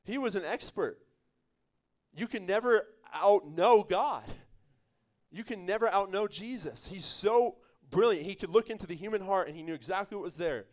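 A man's voice: high voice, normal speed. A man, a pastor, preaching an evening church sermon in an emphatic, conversational way, with laughs and asides to the congregation.

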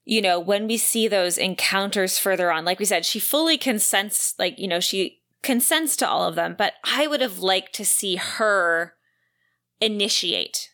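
A young woman co-hosts a casual book podcast and chats freely, peppering her talk with fillers. Her voice is bright and crisp at a middle pitch. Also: unhurried. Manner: chatty, many "like" and "you know" fillers. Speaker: podcast co-host.

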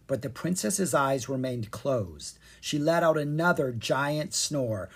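A narrator reading a children's fairy-tale chapter book with expressive, animated storytelling. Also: medium pitch, slow, husky. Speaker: audiobook narrator.

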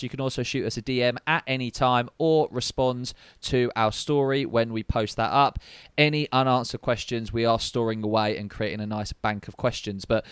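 A man's voice: mid-range voice, smooth, dry recording, clean studio sound. A man co-hosting a podcast, chatting casually and rambling a little with fillers. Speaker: podcast co-host. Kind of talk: casual chat.

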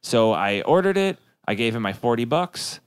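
A man chatting casually as a podcast co-host, with quick teasing reactions. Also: medium pitch, sing-song, clear, resonant tone, dry recording, clean studio sound. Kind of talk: casual chat.

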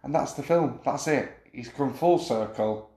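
A man co-hosting a casual football podcast, speaking haltingly and restarting his sentences. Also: medium pitch, a little mellow, echoey room. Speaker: podcast co-host.

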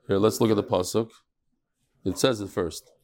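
A man from Brooklyn giving a daily Talmud lecture to a live class, animated and emphatic, firing questions and quick asides at his students. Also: lowish voice. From Brooklyn, New York. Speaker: Talmud teacher.

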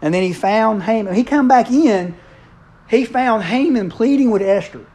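A man's voice: high voice, animated, darkish tone, slight background noise. A man preaching a casual, conversational sermon, playfully acting out the characters' lines. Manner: playful, acts out characters' lines in quick voices.

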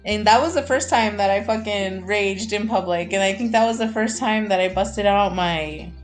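Young woman, candid vlog confession, foul-mouthed and rambling, mid-pitched. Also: moderate pace, faint music behind. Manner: blunt, profane and rambling, with many fillers. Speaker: mother sharing her mental health struggles.

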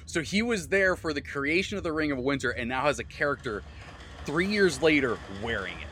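A man hosting a podcast, recapping a tabletop game he ran, animated and swearing freely. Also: fairly high pitch, fairly quick, slight background noise. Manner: animated, swearing, frequent laughter. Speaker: podcast host and game master.

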